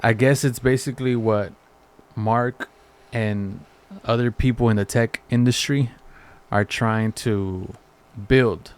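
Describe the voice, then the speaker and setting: A man co-hosting a podcast, talking in a relaxed, slangy casual chat full of fillers. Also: mid-range voice, slow, smooth. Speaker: podcast co-host.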